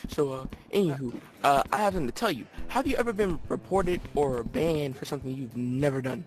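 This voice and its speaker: A man's voice: mid-range voice, expressive, fairly quick. A man hosting a joking mock interview with players in a game, crude and hammy, stumbling over his words, recorded on a headset mic.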